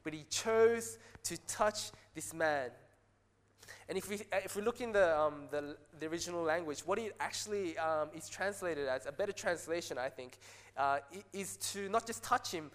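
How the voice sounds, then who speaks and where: A man preaching a sermon as pastor, earnest, rising to excited peaks and dropping soft again. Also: sits high, moderate pace. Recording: long hall reverb.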